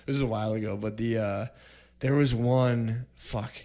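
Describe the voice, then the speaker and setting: A man's voice: mid-range voice, steady tone, normal speed, dark tone. A man in his thirties, a podcast co-host, telling crude stories in a rambling, casual way and acting out quotes. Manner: rambling, laughs often, acts out quotes.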